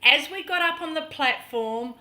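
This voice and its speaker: A middle-aged woman vlogger telling a personal story in an earnest, dramatic way, sometimes dropping to a hush. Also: high-pitched, moderate pace. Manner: earnest, dramatic storytelling that drops to hushed tones.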